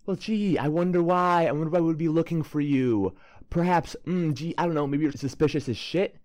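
A man plays a male investigator in a tabletop game, dripping with mock-innocent sarcasm. The voice rises well above his usual pitch. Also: fairly quick, a little mellow, no room sound, lightly acted. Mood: sarcastic.

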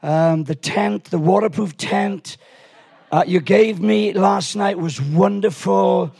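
A husky man in his sixties leads a church service with a relaxed, joking delivery. His voice sits high for a man, and he often restarts his sentences as he tells a story to the congregation. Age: 60s. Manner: chatty, joking, rambling with restarts. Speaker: guest preacher. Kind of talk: sermon with storytelling.

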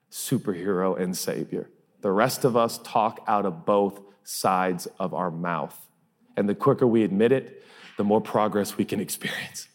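A man preaches a sermon as pastor in a large church hall, emphatic and repeating phrases for effect. His voice is lowish and a little mellow, and the hall gives the recording a long reverb.

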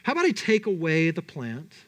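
A man voicing a stern male deity who speaks calmly and with mild irony to a prophet, within a sermon. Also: a little high, brisk, full character voice. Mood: ironic.

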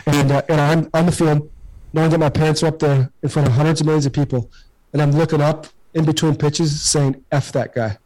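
A man's voice: on the high side, level tone, brisk, darkish tone, poor audio. A man in his forties, a podcast guest and former pro ballplayer, telling his life story in an earnest, emphatic, motivational way and often repeating words as he gets fired up.

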